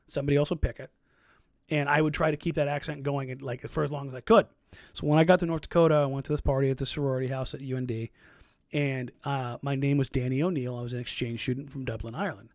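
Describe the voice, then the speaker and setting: A man's voice: mid-range voice, no room sound, studio quality. A man co-hosting a casual sports podcast, telling rambling stories and laughing easily. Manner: rambling storyteller, quick to laugh. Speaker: podcast co-host.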